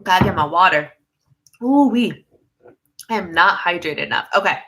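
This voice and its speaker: A young woman hosts a relaxed livestream from home. Her voice is bright and a little low-pitched, and she rambles freely, often laughing in the middle of a sentence. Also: normal speed, a little hiss or hum. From United States. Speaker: livestream host reading viewer comments. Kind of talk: casual live chat.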